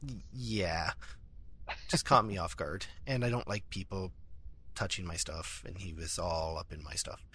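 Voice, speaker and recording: A man's voice: low voice, bright, forceful tone, breathy edge, pitched below the performer's own voice, full character voice. A man voicing a young woman starship mechanic in a tabletop game, touchy about anyone handling her gear. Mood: flustered. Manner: flustered, quick to protest.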